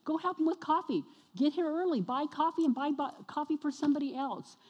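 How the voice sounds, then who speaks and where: High-voiced woman preaching in a reverberant church. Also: fairly quick, highs cut off. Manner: energetic, exhorting, questions the congregation. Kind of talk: sermon. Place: church sanctuary. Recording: long reverb of a church hall.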